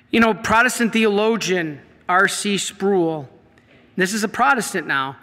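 Male priest, high bright tone, emotional storyteller, lecturing in a hall with long reverb. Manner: animated storyteller, acts out quoted voices; emotional, worked up. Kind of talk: teaching talk on faith.

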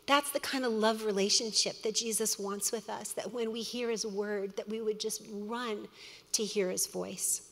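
A middle-aged woman teaching a women's Bible study, earnest and storytelling, with quick asides. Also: medium pitch, steady tone. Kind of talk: sermon. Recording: long hall reverb.

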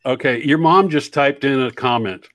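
An easygoing man hosting an interview, his voice pitched in the middle range. He is recorded dry and close, with no room echo. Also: moderate pace, a bit bright. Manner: easygoing, many short backchannels. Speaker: interview host. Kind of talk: casual interview chat.

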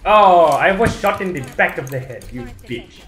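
A man playing a team shooter with friends, swearing loudly with frantic outbursts in casual chat. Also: a little high, expressive, normal speed. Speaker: gamer. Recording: echoey room.

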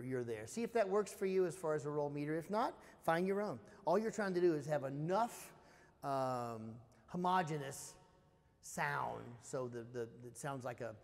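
A man's voice: mid-range voice, animated, moderate pace. Man scatting drum rhythms, reverberant hall. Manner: demonstrates rhythms with scat syllables. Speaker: percussion lecturer. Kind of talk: spoken music instruction.

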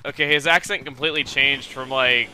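A young man hosting a let's play, giving joking commentary that bursts into excited yelling. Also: medium pitch, a little hiss or hum. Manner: animated, joking, quick to yell in excitement. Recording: game music underneath.

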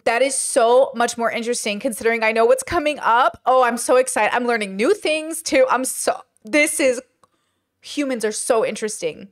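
A woman giving casual reaction commentary, chatty and thinking aloud as she pauses a video to comment. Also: fairly high pitch. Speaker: commentary streamer.

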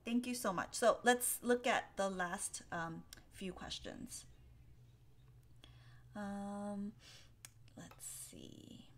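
Slow, patient young woman teaching English. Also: mid-range voice. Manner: patient and gentle, with frequent ums. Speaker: English teacher hosting a live Q&A. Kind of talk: live-stream lesson answering chat questions.

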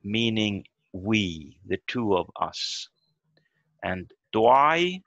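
A man leads a beginner language lesson over a video call, methodical and patient as he sounds words out syllable by syllable. His voice is low and gravelly and his delivery is slow. The audio is dull and lo-fi, with a close, dry sound. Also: a bit bright, no room sound. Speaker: language teacher.

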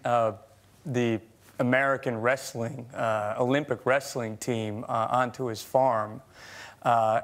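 A man, a guest actor, explaining a film plot hesitantly with many fillers. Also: medium pitch. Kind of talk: chat show interview. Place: TV studio.

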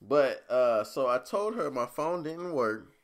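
A man's voice: medium pitch, sing-song, takes it slowly. A man hosting a solo podcast, telling a rambling, profane story in a casual way. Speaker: podcast host.

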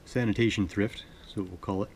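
A man from Manitoba, Canada, chatting in a relaxed, rambling, self-deprecating way as host of his sewing vlog. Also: on the low side, fairly quick, gravelly, slight background noise. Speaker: sewing vlogger. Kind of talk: relaxed casual chat.

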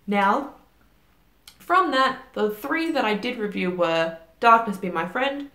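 This young adult book vlogger speaks slowly in a slightly high, bright, expressive voice with a forceful edge, recorded in an echoey space. Her monthly reading recap is chatty and self-mocking, sprinkled with fillers and small laughs.

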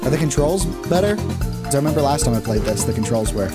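A man's voice: medium pitch, expressive, quick pace, over loud music. A man giving casual, rambling commentary while streaming a game, restarting his sentences and breaking into laughs.

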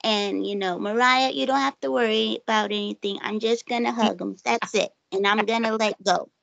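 A woman hosting a casual podcast chat, playful and quick to laugh. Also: medium pitch, steady tone, creaky, fairly bright tone, dry recording, muffled recording.

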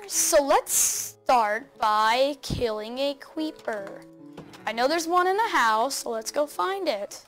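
A woman hosting a video game let's play, excitable, chattering to the game animals and laughing often. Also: sits high. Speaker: gaming channel host.

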